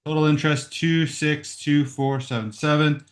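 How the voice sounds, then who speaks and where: Man teaching math over his microphone, fairly high voice. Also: fairly even intonation, moderate pace. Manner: talks through calculations aloud, checking with "right?". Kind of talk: recorded lesson walkthrough. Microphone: computer microphone.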